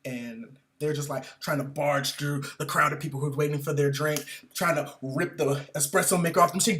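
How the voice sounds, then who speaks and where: A man telling comic stories in an animated, profane, mocking rant about customers. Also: a little high, fairly quick, hardly any pauses. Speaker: comedian. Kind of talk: comedic storytelling rant.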